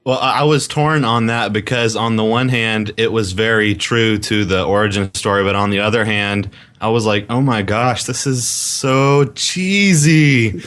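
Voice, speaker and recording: A man co-hosting a podcast, chatting casually and getting animated when he reacts. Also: on the low side, normal speed, smooth. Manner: animated, exclaiming. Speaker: podcast co-host. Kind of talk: casual chat.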